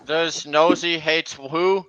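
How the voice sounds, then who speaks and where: A man's voice: fairly high pitch, steady tone, slow pace, fairly bright tone. A man hosting a casual livestream chat while playing a game, talking over his friends. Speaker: streamer hosting a gameplay chat.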